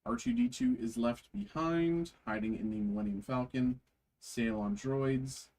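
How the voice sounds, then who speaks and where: Slow gravelly man reading card names. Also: medium pitch, expressive, a little mellow, low-quality recording. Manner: slow, halting reading with frequent fillers. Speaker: card break host. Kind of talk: reading card names aloud during a live card break.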